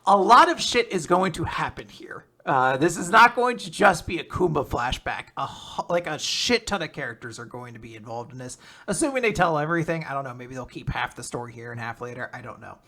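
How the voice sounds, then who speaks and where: A man with a bright, forceful voice pitched a little high, talking through a manga chapter in loose podcast chat. He is excitable, laughs often, swears freely and slips into quick voices for each character. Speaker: podcast co-host recapping manga. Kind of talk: casual chat, animated retelling with quick voiced quotes.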